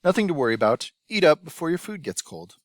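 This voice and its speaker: A man's voice: on the high side, big pitch swings, fast talker, dry recording, voice pushed up. A man doing a prim, bossy hostess woman. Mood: brisk reassuring. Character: bossy, fussy middle-aged woman hostess.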